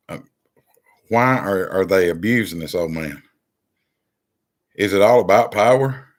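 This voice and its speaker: Deep, low-pitched male host; exasperated, rambling commentary delivery. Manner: rambling, many ums and restarts, exasperated. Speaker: channel host. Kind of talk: political commentary monologue.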